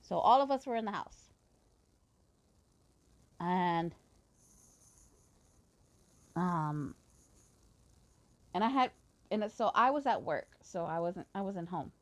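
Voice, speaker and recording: A woman's voice: fairly low pitch, lively intonation, takes it slowly, long pauses. A young woman tells a story from her own life in a loose, casual rant. She swears constantly and gets heated as she talks. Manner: profane, heated ranting. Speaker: fan reader.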